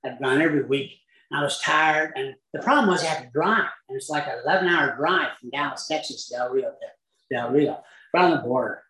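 A man from Utah telling a humorous personal story as a speaker at a recovery meeting, with lively asides and chuckles. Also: a little high, fairly quick, reverberant, rough recording.

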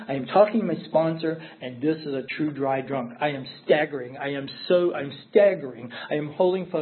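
A man's voice: a little high, fairly quick, few pauses. A middle-aged man telling his recovery story at a meeting, candid and emphatic, circling back on repeated phrases. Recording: tinny phone-like audio.

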